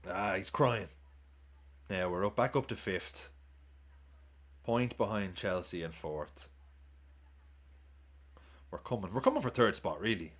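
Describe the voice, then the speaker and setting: A man's voice: on the low side, measured pace, long pauses, husky. A man streaming a live football watchalong, chatting casually, swearing, cheering goals and thanking viewers for tips.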